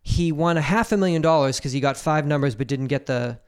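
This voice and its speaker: A man co-hosting a casual podcast chat, telling stories in an animated way, cursing freely and acting out the people he quotes. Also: fairly high pitch, brisk, smooth. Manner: animated storyteller, swears freely, acts out quoted voices. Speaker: podcast co-host.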